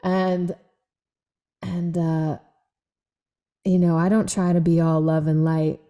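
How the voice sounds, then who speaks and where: A woman's voice: fairly low pitch, flat delivery, slow pace, warm tone. A woman guest on a podcast interview, telling stories expressively, acting out inner voices and laughing often. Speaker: guest, movement practitioner.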